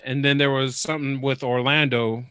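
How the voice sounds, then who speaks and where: A laid-back man co-hosts a casual sports podcast. He speaks in a halting way, often restarting his sentences. The sound is dry and close. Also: medium pitch, little pitch movement, a bit bright, smooth, no echo. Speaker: podcast co-host.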